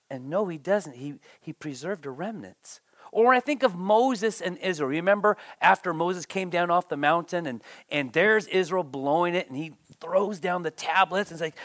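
A pastor delivers a lively sermon in a mid-range voice at normal speed, often repeating words and briefly acting out the people he quotes. The recording is dry.

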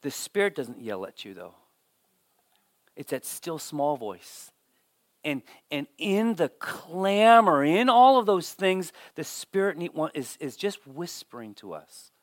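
A man giving a sermon as pastor, telling stories with lively swings and dropping almost to a whisper for emphasis, often repeating words as he starts a sentence. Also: on the high side, slow, no echo, clean studio sound. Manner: animated storytelling, drops to near whisper for emphasis.

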